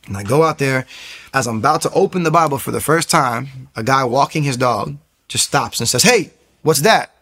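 A man telling the story of his conversion in an animated, conversational way. His mid-pitched voice has a gravelly fry. He stumbles and restarts often and acts out what others said. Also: fairly quick. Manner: animated, acts out quotes, many fillers and restarts. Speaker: speaker giving a personal testimony. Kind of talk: personal faith testimony, storytelling.

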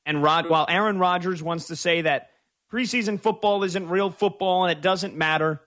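A male sports radio host with a fairly high voice, arguing his opinions with emphatic, stretched-out words. He runs a call-in show and talks with conviction. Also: sharp tone. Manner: opinionated, emphatic, with drawn-out stresses.

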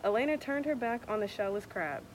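A young woman reading a children's picture book aloud with expressive, animated storytelling. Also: fairly high pitch, brisk, a little hiss or hum, poor audio. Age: young adult. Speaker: student athlete reading aloud.

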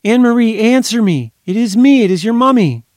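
A man reading aloud voices a desperate young mother shouting and pleading into a phone for her lost child. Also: extremely high pitch, animated, a little fast, no echo, clean studio sound, pitched above the performer's own voice. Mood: frantic.

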